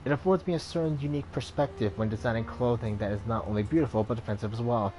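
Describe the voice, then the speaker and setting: A man reading a proud, courteous master tailor from a game, formal and eager to sell. The voice sits at a middle pitch, with faint music beneath it. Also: fast, natural voice, poor audio.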